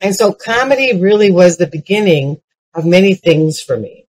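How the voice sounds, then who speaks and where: A woman's voice: fairly low pitch, normal speed, dry recording, rough recording. Older woman telling funny stories. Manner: lively, punchline-driven anecdotes with frequent restarts. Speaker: keynote speaker. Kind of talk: comedic storytelling keynote.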